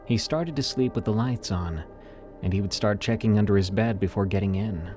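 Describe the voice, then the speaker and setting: A man reading a first-person horror story in a measured, ominous way. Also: lowish voice, a little mellow, faint music behind.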